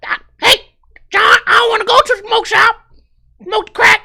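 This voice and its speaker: Comic bit: man putting on a screechy desperate woman, shouting her demands sky-high. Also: steady tone, moderate pace, creaky, full character voice. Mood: frantic whining. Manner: whiny shrieking demands. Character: frantic shrill crack-craving woman.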